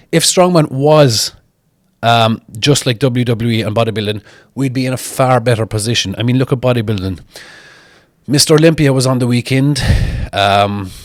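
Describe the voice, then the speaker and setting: A man talking casually to camera while he reads viewer comments and answers them in a blunt, mocking way, swearing often. His voice sits at an everyday middle pitch. It is recorded close and dry, with no room sound. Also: dry recording. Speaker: strongman reading viewer comments. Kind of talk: casual chat.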